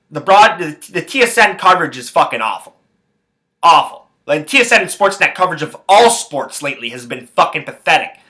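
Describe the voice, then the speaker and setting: A man on his own sports podcast rants with fury, swearing constantly and hammering the same phrases over and over. His voice sits a bit high for a man and comes out bright and tense. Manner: angry, heavy swearing, repeats phrases. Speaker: podcast host. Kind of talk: profane sports rant.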